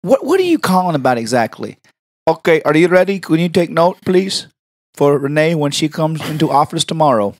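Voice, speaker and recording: A dragging, overly polite caller who never finishes his sentences, as a man puts him on. The voice sits a bit higher than a normal man's and the words come out slow and drawn out. It sounds close and dry. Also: very animated, dry recording. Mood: slow, mock-polite. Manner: drawn-out, halting, falsely polite. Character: slow, confused male caller who keeps stalling.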